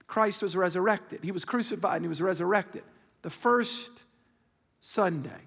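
A man preaching a sermon as pastor, animated and conversational, calling out to the congregation for responses. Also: high-pitched, in a large hall. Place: large church auditorium.

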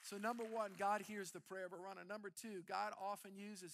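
A middle-aged man preaching a sermon as pastor, animated and repeating words as he builds. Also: high voice, a little fast, creaky, hardly any pauses, no room sound, clean studio sound.

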